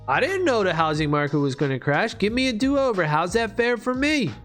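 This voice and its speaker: A man's voice: high voice, big pitch swings, fairly quick, few pauses, a bit bright. A man ranting casually and profanely while playing a game, with faint music behind him. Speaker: video creator.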